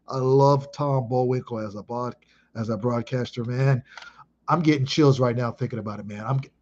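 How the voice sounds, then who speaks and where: A man in his thirties from Chicago, reminiscing casually in an emphatic, excitable way with heavy swearing. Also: mid-range voice, normal speed, dull audio. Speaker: vlogger.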